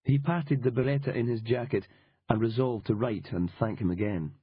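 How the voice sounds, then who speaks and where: A man narrating an audiobook in a dry, wry and measured manner. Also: mid-range voice, slightly rough, dry recording. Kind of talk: scripted narration. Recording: dull lo-fi audiobook recording.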